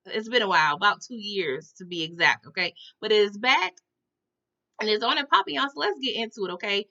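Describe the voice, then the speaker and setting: A woman giving a casual TV episode recap, animated and slangy, often checking in with "okay?" and "y'all". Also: medium pitch, brisk, creaky, muffled recording. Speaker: TV recap reviewer.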